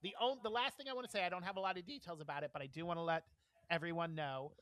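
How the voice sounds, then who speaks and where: A man telling a story on a podcast, with a bright, forceful voice and dry close-mic sound. He acts out the people in his story and laughs through the telling. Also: fairly high pitch, rapid-fire, dry recording. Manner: animated storyteller, acts out quotes, laughs often. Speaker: podcast co-host. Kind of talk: casual chat, storytelling.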